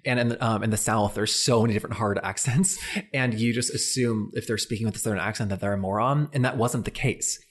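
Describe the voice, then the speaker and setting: A man from North Carolina hosts a relaxed interview in a fairly low voice. He is curious and chatty, and his speech is full of fillers. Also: quick pace. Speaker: podcast host. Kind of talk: casual interview.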